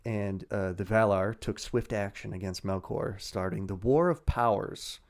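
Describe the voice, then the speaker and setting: A man's voice: on the low side, measured pace. A man casually retelling fantasy lore on a podcast with crude jokes and frequent laughs. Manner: crude jokey storytelling, laughs often. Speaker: podcast host telling lore.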